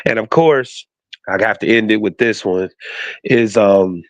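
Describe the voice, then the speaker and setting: A man's voice: lowish voice, unhurried, no room sound. A man in his forties co-hosting a podcast, chatting casually and rambling with many fillers and asides. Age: 40s. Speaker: podcast co-host. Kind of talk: casual chat.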